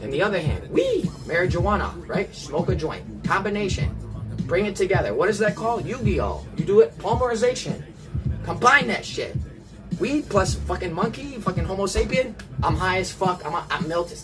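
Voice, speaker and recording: Male streamer, slightly high voice, meandering profane rants, loud music bed. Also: moderate pace. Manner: rambling, profane, animated storytelling. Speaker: livestreamer. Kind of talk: casual livestream chat. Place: apartment. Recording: loud music playing under the voice.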